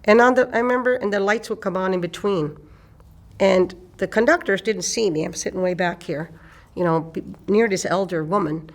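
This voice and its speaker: An older woman from eastern Canada, an elder telling a personal story in an unhurried way and repeating phrases for emphasis. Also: medium pitch.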